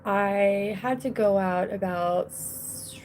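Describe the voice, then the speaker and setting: A young woman hosts a casual solo podcast from her home, with children nearby, speaking in a slow, medium-pitched, slightly mellow voice. She rambles restlessly and often cuts herself off mid-sentence. There is slight background noise.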